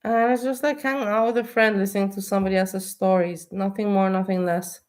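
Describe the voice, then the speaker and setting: A woman with an American accent chats through her reactions in an easygoing way, with a voice of middling pitch. Her speech runs loosely, full of "you know" and "like". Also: fairly even intonation, a little fast. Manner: chatty, warm-hearted, lots of "you know" and "like". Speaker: vlogger reacting to a video. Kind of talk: casual reaction commentary.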